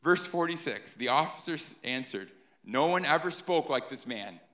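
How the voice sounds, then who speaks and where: A man's voice: a little high, lively intonation, moderate pace, pushed and bright. A man preaching a sermon in a conversational way, often checking in with the listeners by asking "right?". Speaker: pastor.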